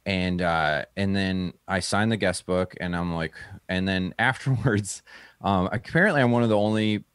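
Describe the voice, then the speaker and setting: A man who is a comedian, telling a story in a relaxed interview and acting out the people he quotes in a higher voice. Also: moderate pace, clean tone, no echo, studio quality. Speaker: stand-up comedian, guest.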